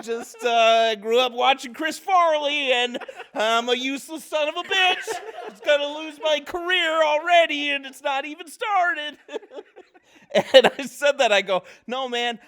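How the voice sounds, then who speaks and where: A man's voice: extremely high pitch, a bit bright. A man, a film-set grip, telling a long anecdote on a casual podcast, laughing often. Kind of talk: casual storytelling chat.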